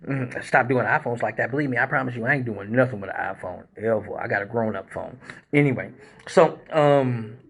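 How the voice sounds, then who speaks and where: Profane animated male storyteller, bright voice. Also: medium pitch, brisk, vocal fry, breathy edge. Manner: profane, animated storyteller who acts out the other people in his stories. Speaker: live show host and male exotic dancer. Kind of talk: casual storytelling on a live stream.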